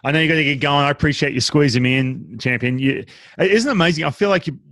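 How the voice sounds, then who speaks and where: Fast-talking Australian man hosting. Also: a little high, no room sound. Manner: energetic, rambling questions with restarts. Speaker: podcast host. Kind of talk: casual interview chat.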